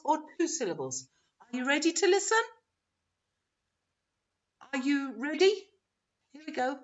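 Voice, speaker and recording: A woman teacher trainer leading an online webinar, encouraging and modeling pronunciation slowly. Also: high voice. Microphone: video call. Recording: dull lo-fi webinar audio.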